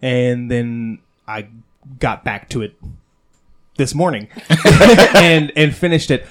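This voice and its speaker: A man's voice: medium pitch, animated, takes it slowly, a bit bright. A man hosting a comics podcast, enthusiastic and casual, acting out little quotes. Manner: enthusiastic, acts out quotes with a squeal. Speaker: podcast host. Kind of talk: casual chat about comics.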